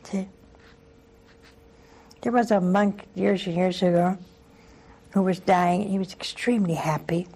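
An older woman with a husky voice hosts a religious call-in show as a nun. She talks earnestly, repeats herself for emphasis and acts out the people in her stories. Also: fairly low pitch, steady tone, unhurried, pauses often, dark tone, poor audio. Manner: earnest, with acted-out anecdotes and repetition. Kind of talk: call-in religious talk with storytelling.

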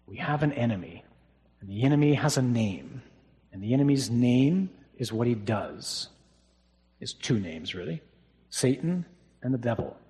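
A man's voice: medium pitch, lively intonation, normal speed, long pauses, mellow. A man, a priest, giving a funeral homily in a conversational way, often ending points with a tag question.

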